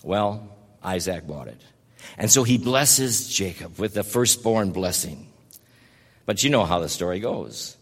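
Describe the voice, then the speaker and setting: A man's voice: sits low, expressive, a little slow, breathy edge, long reverb tail. A man preaching a sermon as a pastor, telling a story in a folksy way and speaking to people in the congregation by name.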